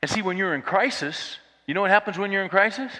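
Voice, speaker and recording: A man preaching a sermon, swinging from loud urgent preaching to quiet storytelling. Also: sits high, quick pace. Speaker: pastor. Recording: long hall reverb.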